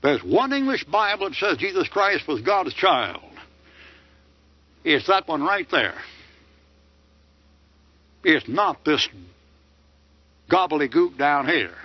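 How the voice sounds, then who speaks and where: Older man, combative preacher, high animated voice, dull lo-fi sound. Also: slow, long pauses, dry recording. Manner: combative, rhetorical questions with mocking answers. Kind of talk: sermon lecture. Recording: dull lo-fi dry recording.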